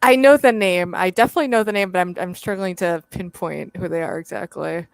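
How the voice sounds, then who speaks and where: A woman's voice: fairly low pitch, fairly quick, gravelly, clear, resonant tone, dry recording. Thoughtful woman guest, dry sound. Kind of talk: casual chat.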